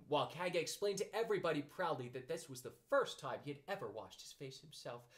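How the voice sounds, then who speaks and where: A man's voice: mid-range voice, fairly bright tone. A man reading a children's storybook aloud, narrating expressively.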